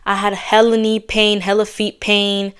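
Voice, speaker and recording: A woman hosting her own podcast in a candid, casual chat, talking fast and bluntly with slang and sounding a little out of breath. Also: mid-range voice, monotone, a bit bright, smooth. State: slightly out of breath. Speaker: podcast host.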